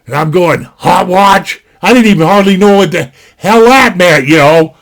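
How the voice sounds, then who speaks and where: A man's voice: sits high, animated, moderate pace. An older man from Montana telling a rambling, folksy anecdote at home, packed with "you know" asides. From Montana, USA. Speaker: storyteller. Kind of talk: casual spoken anecdote. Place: home desk. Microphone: desktop mic.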